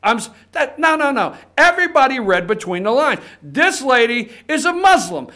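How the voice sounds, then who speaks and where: A man's voice: very high-pitched, big pitch swings, moderate pace, hardly any pauses, sharp tone. A man hosting a political talk show, giving fired-up, rambling commentary and swearing for emphasis.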